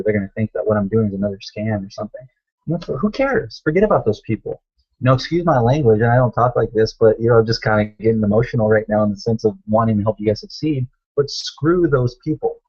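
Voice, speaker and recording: A man's voice: medium pitch, a little mellow, breathy edge, lo-fi sound. A man coaching viewers on a live stream, talking emphatically, repeating himself and calling them guys. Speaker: online business coach. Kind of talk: motivational live stream talk.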